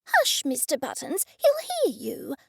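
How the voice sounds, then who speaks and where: A woman's voice: sing-song, normal speed, dry recording, clean studio sound. A woman voicing an eccentric, snappy older lady who will brook no argument. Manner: shrill, snappy, insistent.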